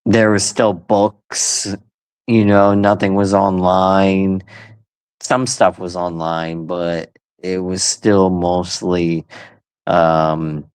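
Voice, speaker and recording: A man's voice: low voice, darkish tone, smooth, no room sound. A middle-aged man talking casually, rambling and hesitant with lots of fillers. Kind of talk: casual conversation.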